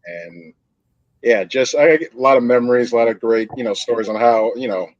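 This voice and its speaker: A man recalling casting, speaking haltingly with many fillers in a casual chat. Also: medium pitch, no echo. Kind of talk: casual chat on a live stream. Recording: dull dry recording.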